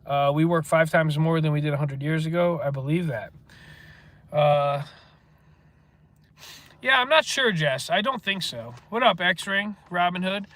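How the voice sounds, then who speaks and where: Bright-voiced stuffy-nosed man rambling earnestly. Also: a little high, animated, a little slow, pauses often. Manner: earnest, meandering, heavy with filler words. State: stuffy nose. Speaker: livestream host reading viewer comments. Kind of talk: rambling casual monologue.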